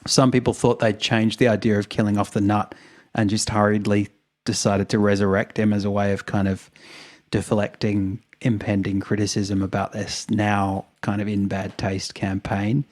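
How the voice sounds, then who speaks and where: A man's voice: lowish voice, little pitch movement, normal speed, a little mellow. A man, co-hosting a podcast, retelling events in a rambling, wry way with chuckles. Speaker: podcast co-host. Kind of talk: casual storytelling chat.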